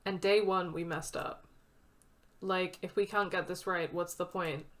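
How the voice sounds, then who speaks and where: A woman's voice: fairly low pitch, steady tone, unhurried, lightly acted. Woman reading as a hurt, driven young woman. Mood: hurt, pressured. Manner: tense, pressured, self-critical.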